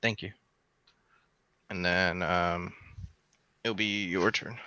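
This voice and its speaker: Low, bright-toned man on a dull mic. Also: steady tone, slow. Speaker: card game player. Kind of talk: casual tabletop play talk.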